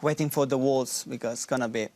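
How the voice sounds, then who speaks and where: A man's voice: medium pitch, steady tone, fast, a little mellow. A man who is a professional dance partner, giving short, playful, jokey answers in a TV interview. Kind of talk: TV interview chat.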